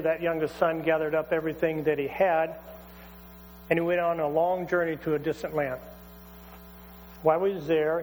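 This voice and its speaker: A man pastor retelling a scripture story in a conversational, animated sermon. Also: on the high side. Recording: hall reverb, faint mains hum.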